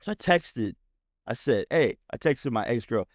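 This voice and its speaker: A man in the middle of a heated, profane story rant on his podcast, his voice sitting at an ordinary middle pitch. He keeps looping back with quick "right?" asides. The sound is dry and close, with no room around it. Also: animated, dry recording. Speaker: podcast host. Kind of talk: ranting storytelling.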